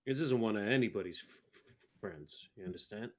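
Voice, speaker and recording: A man voicing a gruff old man who stutters heavily and talks bluntly with curses. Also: lowish voice, expressive, a little fast, dull audio. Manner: heavy stutter, blunt and profane.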